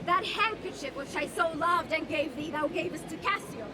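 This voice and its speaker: A woman's voice: high voice, normal speed, close to an everyday voice. A teenage girl playing Othello, a jealous, vengeful male general, declaiming Shakespeare verse outdoors. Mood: accusing. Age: teens. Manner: declaiming verse, building to rage. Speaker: student actor. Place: outdoor park stage. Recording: noisy outdoor park performance with crowd.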